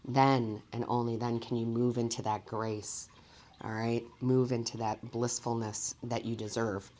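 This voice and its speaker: A woman's voice: extremely low pitch, flat delivery, unhurried, dark tone. A woman working as a medium, giving an earnest, emotional tarot reading to her viewers and often checking in with them. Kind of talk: direct-to-camera tarot reading.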